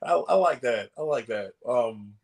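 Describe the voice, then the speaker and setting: A man's voice: medium pitch, a little slow. A male pro wrestler as a podcast guest, telling casual stories and acting out the voices in them. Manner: animated, acts out the voices in his stories.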